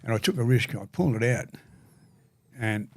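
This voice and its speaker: An older Australian man, a podcast guest telling stories in a halting, earnest way, often repeating words. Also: medium pitch, expressive, dry recording, clean studio sound. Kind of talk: storytelling conversation.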